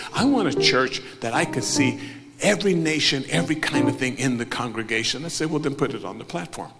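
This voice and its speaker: A man preaching a sermon as a bishop, acting out the people in his story and swinging from hushed asides to loud cries. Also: mid-range voice. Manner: acts out biblical characters, swings from hushed to shouting. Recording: live hall with loud music behind.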